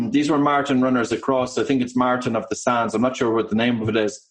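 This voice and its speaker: A man with an Irish accent, an author and breathing coach, explaining his subject in a measured way during an interview. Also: mid-range voice, steady tone, poor audio. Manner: measured, explanatory, with occasional ums.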